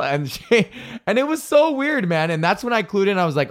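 A man's voice: on the high side, measured pace. A man hosting a comedy podcast, telling a loose, profanity-laced story rant. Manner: swears a lot, loose and animated, fillers and restarts.

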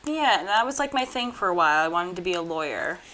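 A young woman from New Jersey co-hosting a podcast, telling stories in a relaxed, animated way, laughing often and swearing casually. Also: on the low side, fast talker. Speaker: podcast co-host. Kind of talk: casual chat.

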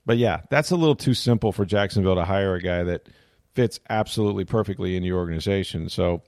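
A man's voice: sits low, fast, a little mellow, dry recording, clean studio sound. A middle-aged man hosting a sports talk show, telling a story in a casual, rambling way and interrupting himself often. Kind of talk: casual chat.

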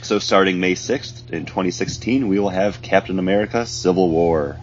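A man with a stuffed-up nose, hosting a podcast in a relaxed, chatty way. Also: low voice, moderate pace, faint music behind. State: stuffed up, congested. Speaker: podcast host. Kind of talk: casual chat. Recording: dull lo-fi sound, faint hum.

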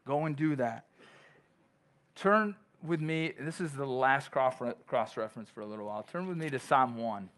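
A man's voice: mid-range voice, lively intonation, normal speed, hardly any pauses, fairly bright tone. A male pastor preaching a sermon in a conversational way, with frequent restarts and long scripture readings. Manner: reads scripture aloud.

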